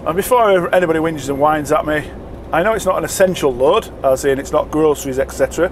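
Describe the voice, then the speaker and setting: With a fairly high-pitched voice and a quick pace, a truck driver rambles through a casual vlog chat from his cab on the road, mocking himself along the way. Road noise can be heard in the cab.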